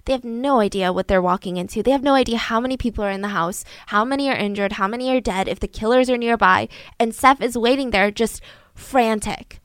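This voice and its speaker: Brief: young female podcast host, chatty true-crime storyteller, slightly high voice. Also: a little fast, smooth, no room sound. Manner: chatty, lots of "like" fillers.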